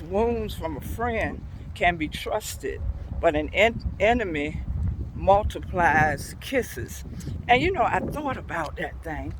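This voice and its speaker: Slow, earnest older woman giving a devotional. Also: fairly low pitch, slight background noise, low-quality recording. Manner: slow, earnest, unhurried storytelling. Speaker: devotional host. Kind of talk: devotional talk on a scripture verse.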